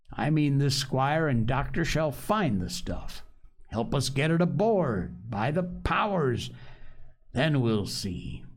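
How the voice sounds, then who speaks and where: A man's voice: on the high side, pitched above the performer's own voice, heavily acted. A man voicing a sly, scornful old pirate cook who talks in a growling pirate dialect.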